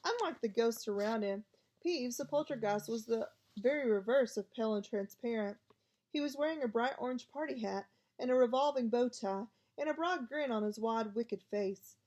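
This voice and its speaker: A woman's voice: on the high side, moderate pace, lo-fi sound. A woman narrating an audiobook, reading expressively. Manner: expressive, lively voices for each character. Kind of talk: storybook reading.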